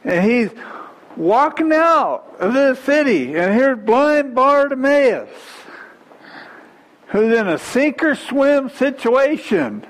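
A man preacher delivering a sermon, retelling a scripture story with animated, drawn-out emphasis. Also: very high-pitched, poor audio.

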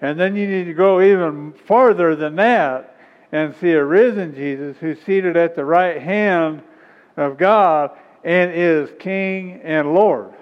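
A man preaching a sermon and reading scripture, emphatic and rising in pitch on key points. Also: slow pace. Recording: dull sound with long hall reverb.

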